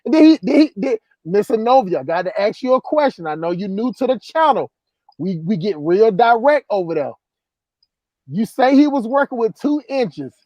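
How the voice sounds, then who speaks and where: A man's voice: high-pitched, very animated, normal speed, a little mellow, no echo. A man hosting a casual livestream, reading chat comments and telling stories in a loose, repetitive, laughing way. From southern US countryside. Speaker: livestream host.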